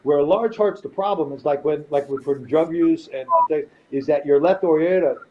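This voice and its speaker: Profane middle-aged man, animated storyteller. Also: a little high, moderate pace. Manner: profane, animated, quotes people in his stories. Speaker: podcast guest. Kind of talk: casual storytelling. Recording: slightly dull podcast audio, faint noise.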